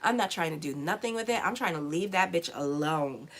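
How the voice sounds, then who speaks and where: A woman's voice: lowish voice, animated, brisk. A woman astrologer giving a casual, blunt horoscope reading with swearing and rambling digressions. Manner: chatty, blunt, swears freely, digresses into stories. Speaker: astrologer and tarot reader.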